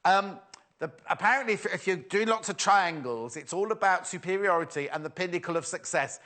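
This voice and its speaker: A man's voice: sits high, fairly quick, bright, forceful tone. A man hosting a live shopping show, chatty and self-mocking, often giggling at his own jokes. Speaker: shopping channel presenter. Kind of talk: live TV sales chat.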